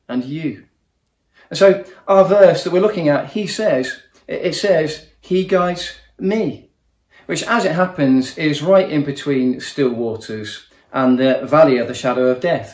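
A man gives an earnest sermon in a warm, personal manner. His voice sits at a middle pitch, and the recording carries a noticeable room echo around him. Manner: earnest, personal, repeats words while speaking. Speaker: guest preacher.

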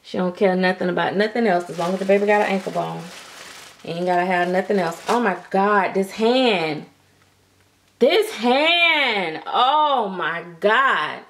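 A woman reviewing doll kits in a casual vlog, gushing with frequent excited exclamations and using Southern vernacular like "y'all". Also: fairly low pitch, brisk, slight background noise. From United States.

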